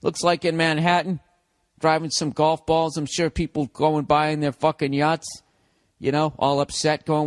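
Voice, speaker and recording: A man's voice: a little high, flat delivery, moderate pace, no echo, studio quality. A middle-aged man with a Boston accent ranting solo on his podcast, profane and sarcastic, asking and answering his own questions. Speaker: podcast host. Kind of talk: solo comedic rant.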